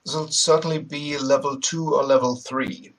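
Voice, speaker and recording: A man's voice: medium pitch, steady tone, moderate pace, poor audio. A man playing a tabletop game, reasoning things out aloud. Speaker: player. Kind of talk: casual tabletop play.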